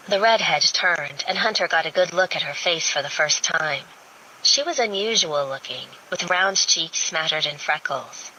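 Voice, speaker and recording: A woman narrating a romance audiobook in a steady, even reading. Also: deep voice, normal speed, a little hiss or hum, rough recording.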